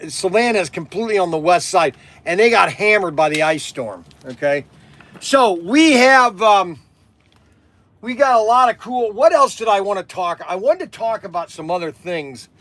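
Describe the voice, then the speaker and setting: A middle-aged man from Southern Ohio hosting a casual livestream, rambling and animated, laughing often as he talks. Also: high voice. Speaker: livestream host.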